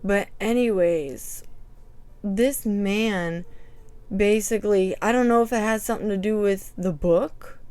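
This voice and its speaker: A woman vlogger tells a story on a casual house tour, chatty and emphatic, breaking into nervous laughs. Her voice is clear and smooth, and her pace is unhurried. The clip-on mic sounds close and dry, with little room sound. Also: medium pitch, darkish tone, no echo. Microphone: clip-on microphone.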